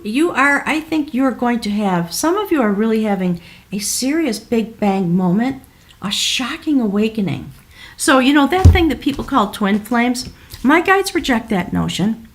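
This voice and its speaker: A middle-aged woman giving a spiritual tarot reading, effusive and wandering, sometimes dropping into a soft whisper. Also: fairly high pitch. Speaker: tarot reader.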